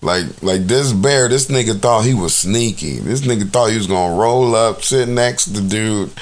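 A man with a slightly low voice riffs through a casual, rambling monologue. His talk is heavy on slang and swearing, with constant fillers as he chats to his viewers. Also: moderate pace. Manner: profane, slangy, full of fillers like "you know what I'm saying". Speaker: vlogger commenting on news and videos.

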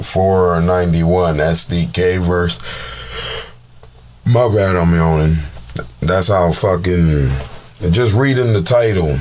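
Slow-talking low-voiced exasperated man. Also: darkish tone. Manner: exasperated, profane, slang-heavy. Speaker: battle rap reaction commentator. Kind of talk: casual commentary.

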